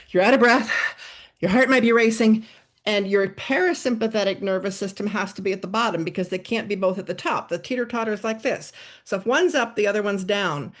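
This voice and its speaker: A woman psychotherapist explaining ideas in a podcast interview, animated, acting out examples as she goes. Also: on the high side. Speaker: psychotherapist guest.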